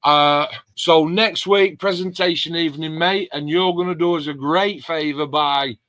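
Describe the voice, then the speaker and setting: Male host, chatty and bright, dry close sound; reads viewer comments on a live stream. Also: fairly high pitch, fairly even intonation, moderate pace, dry recording. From England. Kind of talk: casual live-stream chat.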